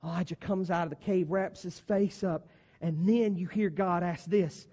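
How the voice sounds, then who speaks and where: A man preaching a sermon, moving between soft, low passages and loud, emphatic ones. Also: fairly even intonation, moderate pace, husky. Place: church sanctuary. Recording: long church reverb.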